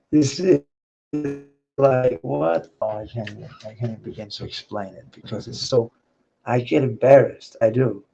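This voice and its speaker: On a dull lo-fi recording, a man who vlogs wanders through a personal monologue laced with profanity and bursts of laughter. His mid-range voice is gravelly yet mellow, and he takes his time.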